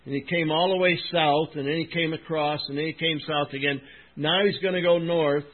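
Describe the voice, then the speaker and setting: A man's voice: fairly high pitch, fairly even intonation, brisk, narrow, tinny audio. A man preaching a sermon in an earnest, emphatic way, asking his congregation questions as he goes. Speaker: pastor.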